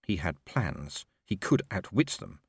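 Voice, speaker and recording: Brief: male narrator, low voice, lively delivery, dry close mic. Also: measured pace, creaky, breathy edge, no room sound. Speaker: audiobook narrator. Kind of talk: scripted narration.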